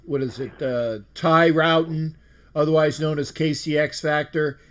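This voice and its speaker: A man's voice: on the high side, fairly even intonation, a little slow. A man hosting a fan call-in livestream, emotional and exuberant, often repeating himself. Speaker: show host.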